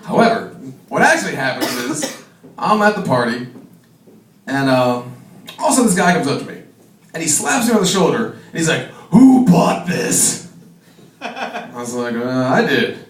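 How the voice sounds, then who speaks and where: A man's voice: mid-range voice, big pitch swings, normal speed, long pauses, a bit bright. A man performing a stand-up set, telling a profane party story and acting out the other people in it. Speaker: stand-up comedian. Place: comedy club stage. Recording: echoey room, mic from far off. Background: audience laughter.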